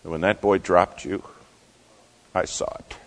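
A man voicing a kindly bus company owner in a sermon story, speaking softly, low and earnestly. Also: fairly even intonation, measured pace.

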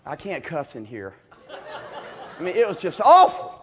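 A man preaching a sermon as a comic story, animated, swinging from loud bursts to hushed asides. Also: on the high side, moderate pace, highs cut off.

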